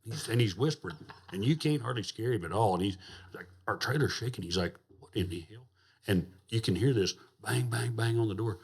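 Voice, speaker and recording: A man's voice: on the low side, fairly quick, gravelly, darkish tone, breathy edge. A man, a podcast guest telling a rowdy, profane story in casual chat and laughing as he goes. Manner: rowdy, profane, laughs through his stories. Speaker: podcast guest, rodeo champion.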